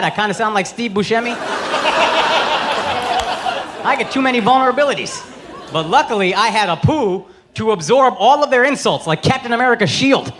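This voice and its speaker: A brash stand-up comic with a high, lively voice that swings all over as he rants and shouts punchlines. He's a man in his thirties working a live stage, and a big audience keeps roaring with laughter behind him. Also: noisy background. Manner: brash, profane, animated delivery with shouted punchlines. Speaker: stand-up comedian. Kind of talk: stand-up comedy set. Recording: live club recording with loud crowd. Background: loud audience laughter.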